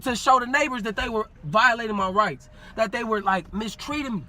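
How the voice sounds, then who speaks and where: A man telling a story in casual talk, animated and full of street slang, acting out what people said. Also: extremely high pitch, brisk, few pauses. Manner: animated, acts out quoted dialogue, street slang. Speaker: podcast guest.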